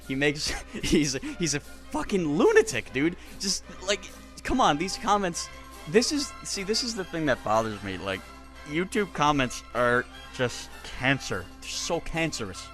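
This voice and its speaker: A man's voice: on the high side, big pitch swings, unhurried, faint music behind. A man in a casual commentary video, reading online comments aloud and mocking them in a sarcastic, exasperated, profane way, with stammered restarts and chuckles. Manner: stammering restarts and swings from loud to muttered. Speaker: YouTuber reacting to comments.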